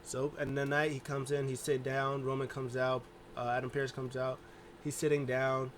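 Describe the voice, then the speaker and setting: A man's voice: medium pitch, little pitch movement, moderate pace, slight background noise. Man casually retelling a wrestling show. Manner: rambling, acts out quotes in voices. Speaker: wrestling show recap host. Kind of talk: casual recap talk.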